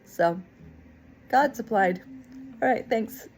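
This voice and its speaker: A woman telling a personal story in a lively, expressive way, acting out other people's lines as she goes. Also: a little high, slow, a little hiss or hum, low-quality recording. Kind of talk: personal story told to the camera.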